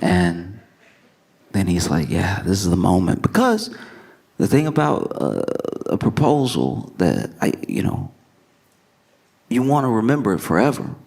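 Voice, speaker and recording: Animated, low-voiced male stand-up comedian. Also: measured pace, gravelly, pauses often. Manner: animated, breaks into laughter, acts out scenes.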